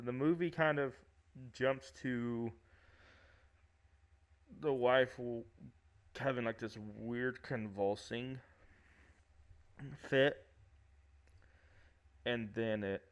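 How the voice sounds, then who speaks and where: Casual and loose, this man with a Michigan accent talks at an ordinary middle pitch. He rambles through his points with fillers and laughs a lot as he co-hosts a podcast. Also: slow, long pauses. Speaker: podcast host. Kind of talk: casual chat.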